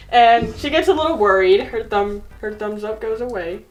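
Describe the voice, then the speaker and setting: A woman's voice: fairly high pitch, expressive, a little slow, darkish tone, rough recording. A woman casually telling a story while drawing, giggling and teasing her friend. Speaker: co-host telling a drawn story.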